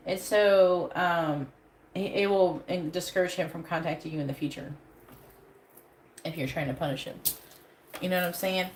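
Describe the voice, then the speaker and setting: A woman's voice: fairly low pitch, normal speed, long pauses. Blunt, profane tarot reader woman. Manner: blunt, profane, advice-giving. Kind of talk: live-stream tarot reading. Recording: echoey room with faint background noise.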